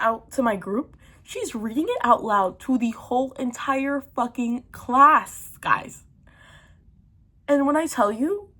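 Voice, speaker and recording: A teenage girl chatting casually to her viewers, ranting animatedly about books and laughing through a storytime. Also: on the high side. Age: teens. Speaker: book vlogger.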